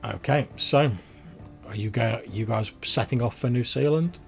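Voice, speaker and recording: A man, narrating a tabletop game as game master in a relaxed, rambling way. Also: medium pitch, normal speed, gravelly, soft background music. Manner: relaxed, rambling narration full of filler words.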